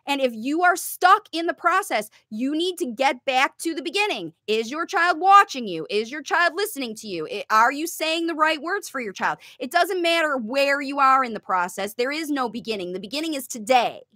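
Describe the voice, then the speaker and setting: A woman coaches parents on helping their child learn to talk, teaching emphatically, answering viewer questions, and demonstrating sing-song parent talk. Her voice sits high and sounds animated and sharp, at a moderate pace with hardly any pauses. The studio recording is clean, with no echo.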